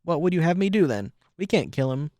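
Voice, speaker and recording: A man's voice: a little high, very animated, a little fast, a little mellow, no echo, pitched above the performer's own voice. A man voicing a cruel, bossy female griffin captain who talks cold and commanding.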